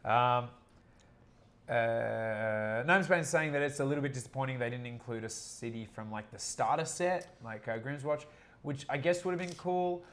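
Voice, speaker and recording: A man hosting a casual livestream chat, animated and joking, reading out viewer comments as he goes. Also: medium pitch, moderate pace. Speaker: livestream host.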